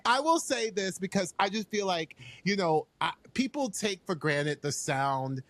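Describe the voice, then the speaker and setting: A podcast host with a fairly high voice for a man, recorded dry and close. He talks in an excitable, gushing way and breaks into shouts now and then. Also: unhurried, no room sound. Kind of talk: casual podcast interview.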